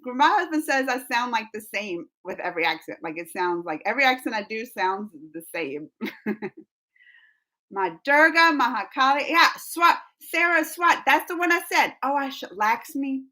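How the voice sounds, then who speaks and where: Chatty higher-voiced woman streamer. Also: animated, moderate pace, sharp tone. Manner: chatty and rambling, says "like" a lot. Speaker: live-stream host reading chat. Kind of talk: casual live-chat talk.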